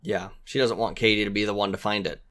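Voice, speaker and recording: Podcast guest, man, lowish voice, eager and earnest. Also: fairly even intonation, fast, a bit bright. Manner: earnest, enthusiastic, acts out quoted lines. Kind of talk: casual chat.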